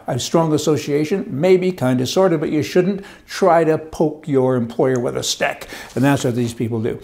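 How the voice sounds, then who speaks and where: A man's voice: mid-range voice, vocal fry, a little mellow. An older man, a commentary host, talking in a rambling, folksy monologue with chuckling asides.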